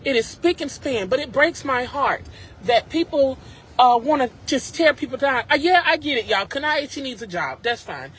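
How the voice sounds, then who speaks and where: A man's voice: very high voice, lively intonation, moderate pace, a bit bright, breathy edge, rough recording. Upset man ranting at viewers from his car. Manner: emphatic, repetitive, addresses viewers directly. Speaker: vlogger. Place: in a car at a drive-thru.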